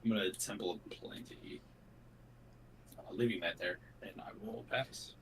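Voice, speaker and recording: A man's voice: lowish voice, a little slow, vocal fry, fairly bright tone. A man in his thirties chatting casually over a voice call during a card game, laid-back and joking. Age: 30s. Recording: distant mic with faint noise.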